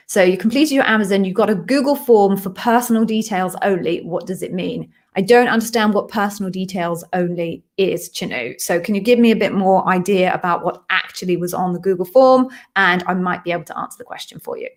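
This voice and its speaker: A woman from the UK hosting a live Q&A stream from her home office, chatty and quick with self-amused asides. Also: medium pitch. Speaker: host and interview coach. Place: echoey home office being redecorated.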